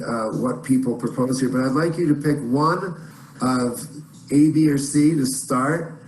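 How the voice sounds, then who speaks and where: A man's voice: medium pitch, darkish tone. A man teaching chant in an online lesson, explaining in plain words between short sung phrases. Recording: roomy echo, faint noise.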